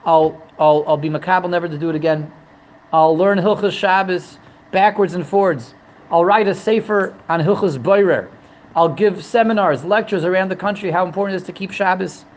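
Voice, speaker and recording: A man's voice: high-pitched, a little fast, close to an everyday voice, low-quality recording. A man voicing a condemned man who pleads for mercy and piles up promises to repent. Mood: pleading.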